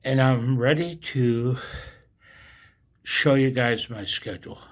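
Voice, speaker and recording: A man's voice: mid-range voice, slow. A man chatting casually to viewers in a home vlog about his radio setup, chuckling often as he rambles in a folksy way. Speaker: amateur radio vlogger. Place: home and yard.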